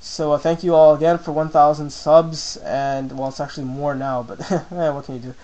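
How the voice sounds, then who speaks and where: A young man casually commentating a game battle as host of his own channel, voicing his own reactions with sudden excited jumps. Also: a little high, moderate pace, lo-fi sound.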